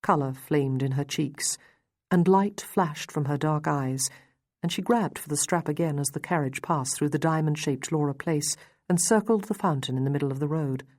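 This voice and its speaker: A woman reads a historical romance aloud in a steady, measured way. Her voice sits deep for a woman. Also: no echo, studio quality. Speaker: audiobook narrator. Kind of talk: scripted narration.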